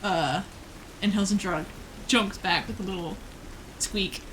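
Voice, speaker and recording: A woman narrating as game master of a tabletop game, relaxed and laughing often, with many fillers. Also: medium pitch, a little slow, slight background noise, low-quality recording.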